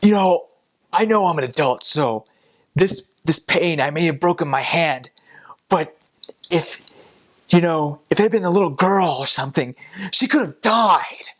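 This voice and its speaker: A man doing a frantic, shrill injured stranger. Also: animated, measured pace, pauses often, fairly bright tone. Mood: dramatic. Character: agitated injured man, panicky and dramatic.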